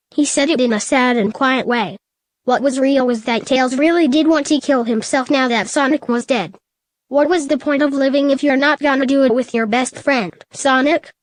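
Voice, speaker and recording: A woman narrating a comedic fan story in a flat, deadpan reading. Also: high voice, dry recording.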